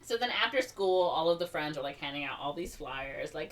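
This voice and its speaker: A woman with a low-pitched voice recaps a story in a loose, rambling podcast chat. She leans on fillers and trails off often. Her voice sounds a little distant from the microphone. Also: lively intonation, a little fast, hardly any pauses, fairly bright tone. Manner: rambling, filler-heavy, frequent "like" and "um". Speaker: podcast host. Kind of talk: casual plot recap chat.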